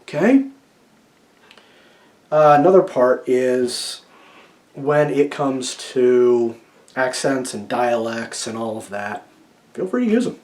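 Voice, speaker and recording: A man's voice: slow pace, pauses often. Chatty opinionated man giving writing tips. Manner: chatty, keeps checking in with "okay?"; lively, jumps between loud emphasis and low asides. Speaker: writing advice vlogger. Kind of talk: casual opinionated talk to camera.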